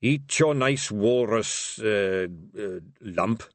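A man's voice: on the low side, extremely slow, no echo. A man voicing a coarse male barbarian kidnapper who coaxes and bullies his captive. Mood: coaxing. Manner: bullying and coaxing.

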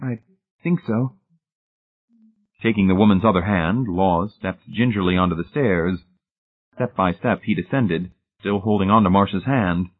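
Husky male audiobook narrator, tinny sound. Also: deep voice. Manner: measured, suspenseful reading. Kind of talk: scripted narration.

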